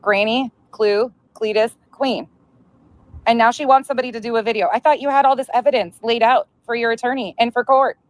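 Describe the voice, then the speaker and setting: A woman's voice: on the high side, fairly even intonation, fairly quick. A woman hosting a commentary stream, answering played clips with blunt, sarcastic retorts. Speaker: commentary channel host.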